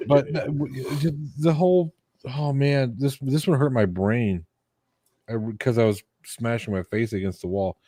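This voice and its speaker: A man's voice: mid-range voice, measured pace, dark tone. A man co-hosting a casual horror film chat, blunt, sarcastic and profane. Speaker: podcast co-host.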